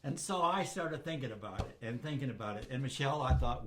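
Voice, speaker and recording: An older man from Southern California casually telling a personal anecdote, acting out other people's lines in lively voices. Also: medium pitch, quick pace, few pauses, slight background noise. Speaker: storyteller.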